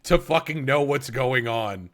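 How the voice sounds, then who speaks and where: Excitable, swearing man on a podcast. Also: mid-range voice, unhurried. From United States. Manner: excitable, profane, emphatic. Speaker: podcast co-host. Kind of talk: casual anime review chat.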